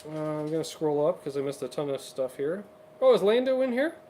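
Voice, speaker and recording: A man's voice: on the high side, very animated, warm tone, a little hiss or hum. A man co-hosting a casual guitar livestream, chatting upbeat and reading viewer comments aloud. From Canada. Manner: chatty, upbeat, quick asides. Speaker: co-host of a livestream guitar show.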